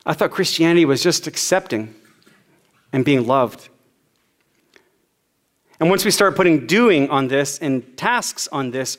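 A man in his forties preaching a sermon as a pastor, telling personal stories in a conversational way. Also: a little high.

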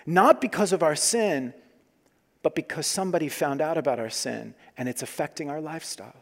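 A man in his forties preaching a sermon as pastor, earnest, moving between loud emphasis and quiet hushed asides. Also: on the high side, a little fast, vocal fry. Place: church sanctuary. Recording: long hall reverb.

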